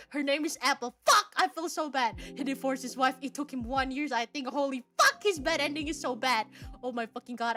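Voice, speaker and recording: A young woman with a high, bright voice gushes excitedly to her viewers, stumbling over repeated words and swearing freely. Faint music plays behind her. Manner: gushing, breathless, swears a lot, repeats herself, bursts of laughter and shrieks. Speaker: streamer. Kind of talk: excited casual chat to viewers.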